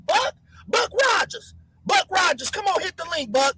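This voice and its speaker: A live stream host giving heated commentary, answering chat and mocking commenters by name while shouting. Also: very high voice, big pitch swings, normal speed, noisy background.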